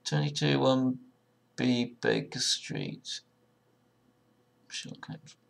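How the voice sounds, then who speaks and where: A young man with a mid-range voice, huge pitch swings, vocal fry and a slow pace talks his way through an online quiz. As a video creator, he thinks aloud and mutters guesses, swearing often with sarcasm and sudden loud outbursts.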